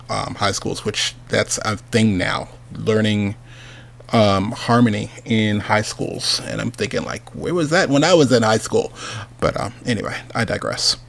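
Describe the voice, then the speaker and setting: A man's voice: fairly low pitch, creaky. A man hosting a livestream, chatting casually as he works and then interviewing a guest, rambling and talking to himself. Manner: rambling, chatty, talks to himself while working. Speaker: host.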